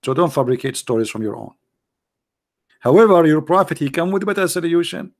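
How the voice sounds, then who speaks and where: A man's voice: fairly high pitch, animated, a little fast. A man giving sarcastic, argumentative commentary in broken English grammar. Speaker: religious debater. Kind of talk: mocking commentary.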